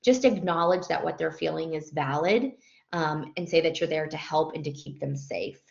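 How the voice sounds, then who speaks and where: A woman with a fairly low voice talks through a nursing lecture at an easy pace, often pausing on "um" and correcting herself mid-phrase. The sound is dull and lo-fi, with a roomy echo around her. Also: creaky, a little mellow. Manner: conversational, frequent ums and self-corrections. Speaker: nursing instructor. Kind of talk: recorded lecture.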